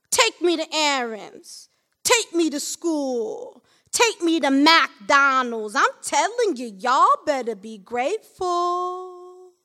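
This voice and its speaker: A woman's voice: high voice, pitched above the performer's own voice, full character voice. A woman performing, in a spoken-word poem, the voice of a stern, weary working father who bluntly scolds his children. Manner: blunt, scolding, listing chores in a flat cadence.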